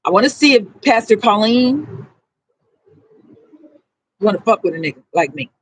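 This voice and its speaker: A woman's voice: medium pitch, big pitch swings, normal speed, no echo, low-quality recording. A woman with a New Orleans accent, talking bluntly and profanely in a rambling livestream monologue. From New Orleans, USA.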